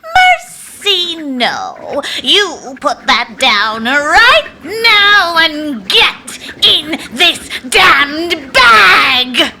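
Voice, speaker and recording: A man's voice: very high voice, wildly swooping pitch, extremely slow, creaky, few pauses, sharp tone, a little hiss or hum, voice pushed up, full character voice. A man voicing a cruel, theatrical female substitute teacher in a storybook horror tale, mocking and taunting.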